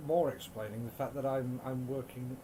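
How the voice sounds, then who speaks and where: A man's voice: mid-range voice, steady tone, moderate pace, warm tone, slight background noise, rough recording. A man, playing a tabletop game, often laughing and explaining his moves. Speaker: player.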